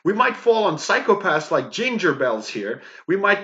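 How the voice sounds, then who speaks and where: A Greek YouTube commentator rants in mocking, emphatic fashion, peppering his speech with fillers and "okay?". His high, pushed, bright voice swings widely in pitch at a normal speed, heard through a dull lo-fi mic.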